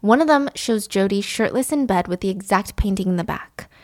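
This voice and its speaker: A woman recaps a plot in a casual, chatty way. She is animated and jumps into the characters' lines as she goes. Her voice sits at a middle pitch, and the recording is dry and close. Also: a little fast, no room sound. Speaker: storyteller recapping a show. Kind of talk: casual retelling of a story.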